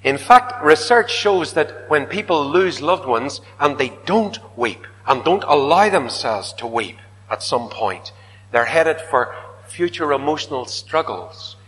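A man preaching a sermon, swinging dramatically from loud declaiming to hushed whispers. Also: fairly high pitch, lively intonation, unhurried, a little hiss or hum. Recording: reverberant hall.

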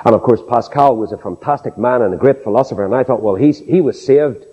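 Northern Irish preacher, storytelling in a hall. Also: male voice, quick pace, husky. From Northern Ireland. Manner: animated storytelling, folksy asides, swoops from high exclaims to low confiding. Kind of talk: sermon. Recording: dull lo-fi tape in a reverberant hall.

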